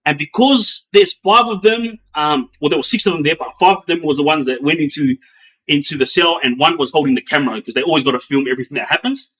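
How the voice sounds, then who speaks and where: A middle-aged man, a former gang member, casually telling prison stories in an animated way, acting out sounds and quotes with lots of fillers. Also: fast. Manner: animated, acts out sounds and quotes with bursts of raised pitch; many fillers and restarts, loose slangy delivery. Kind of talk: casual storytelling.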